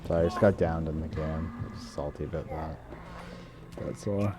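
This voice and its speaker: A male streamer chatting casually while he plays a game, relaxed and prone to trailing off. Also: very deep voice, moderate pace. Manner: laid-back, trailing off and asking questions. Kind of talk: casual chat while gaming. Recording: noisy background.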